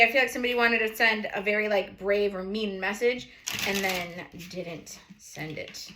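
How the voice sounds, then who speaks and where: Fast-talking woman with a New England accent. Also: medium pitch, echoey room, background noise. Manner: fast-talking, playful, laughs often. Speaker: tarot reader. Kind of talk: chatty tarot card reading.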